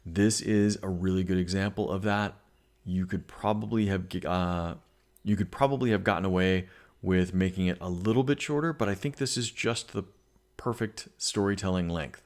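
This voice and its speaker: A man's voice: sits low, normal speed. A male English teacher giving a recorded lesson, explaining patiently and reading poems aloud, with frequent fillers.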